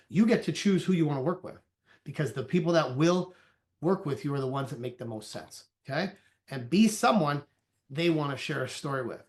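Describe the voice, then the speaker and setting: A man, a sales consultant, giving an energetic training talk, loosely conversational and acting out little dialogues as he goes. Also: on the high side. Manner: acts out conversations in quoted voices; loose and conversational, many restarts.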